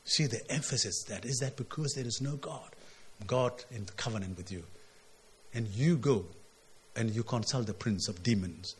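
A man preaches an expository sermon, working through a scripture passage and frequently asking listeners "isn't it?", his voice surging louder whenever he quotes the text. He speaks in a slightly rough mid-range voice at a moderate pace.

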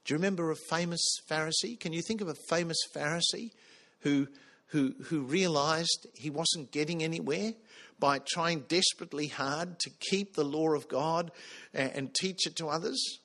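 Preacher guy, earnest, keeps asking the crowd stuff, high voice. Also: normal speed, a bit bright. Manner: earnest, asks the congregation questions. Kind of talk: sermon.

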